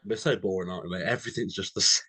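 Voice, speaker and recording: A young Englishman co-hosts a podcast, casually swapping anecdotes and constantly calling his friend "mate." His voice sits low and is husky and sharp, rattling along rapid-fire with no room sound.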